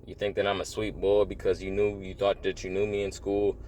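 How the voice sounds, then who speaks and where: Deep voiced guy rambling earnestly about faith, keeps saying bro, faint traffic noise behind. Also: completely flat delivery, fairly quick, a little mellow. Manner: earnest, rambling, repeats phrases, says "bro" often. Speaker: religious vlogger. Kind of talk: casual spiritual monologue.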